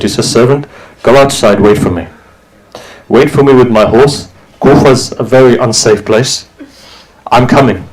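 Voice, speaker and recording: A man preaching a mourning sermon as a dramatic story, his voice rising into high, tearful cries and dropping to hushed tones. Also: rough recording. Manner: drops to low, hushed tones for quiet moments.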